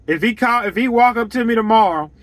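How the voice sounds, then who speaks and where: A man's voice: high voice, fast, a bit bright, no room sound. A man who runs a lawn care business, giving blunt, emphatic advice on pricing and repeating his points to drive them home. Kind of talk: straight-talking business advice monologue.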